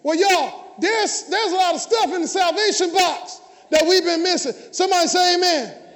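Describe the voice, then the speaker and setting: A man, preaching a lively sermon and calling out to the congregation, often shouting. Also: extremely high pitch, normal speed. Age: 50s. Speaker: pastor. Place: large church hall. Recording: church hall with long reverb.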